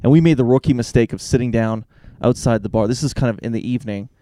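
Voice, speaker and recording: A man's voice: mid-range voice, fast talker, mellow. Dry, sarcastic podcast co-host, a man. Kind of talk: casual podcast chat.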